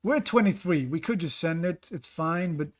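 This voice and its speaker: A man's voice: fairly high pitch, expressive, normal speed. Man thinking aloud while streaming a game. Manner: thinks aloud, second-guessing himself. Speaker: streamer playing a geography game. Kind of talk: live-stream commentary reading chat.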